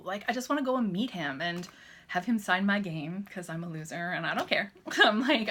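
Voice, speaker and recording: Woman in her thirties from Canada, bright voice, chatty vlogger storytelling straight to camera. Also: medium pitch, moderate pace. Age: 30s. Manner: chatty, animated, acts out quoted dialogue.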